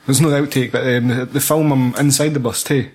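Sweary Scottish man, husky voice. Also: medium pitch, steady tone, brisk, darkish tone. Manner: sweary, rambling, laughs often. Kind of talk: casual film chat.

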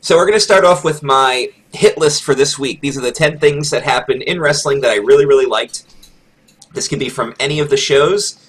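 A man hosting a podcast in casual chat, talkative and quick to laugh. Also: medium pitch, breathy edge, low-quality recording. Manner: chatty, laughs easily. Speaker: podcast host.

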